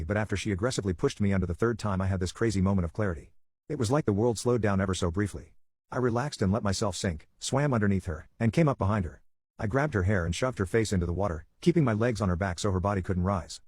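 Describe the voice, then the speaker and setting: Fast, husky male story narrator. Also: fairly low pitch, darkish tone, dry recording.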